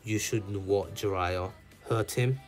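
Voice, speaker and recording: A man's voice: lowish voice, slow pace. A man voicing a smug, snake-like male ninja mentor who taunts, with faint music behind. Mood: taunting.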